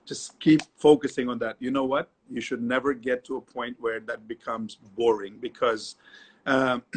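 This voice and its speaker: Man, middle-aged, dance teacher, casual interview, animated, repeats words, mid pitch. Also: measured pace, husky. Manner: animated storyteller, repeats himself, many "you know"s.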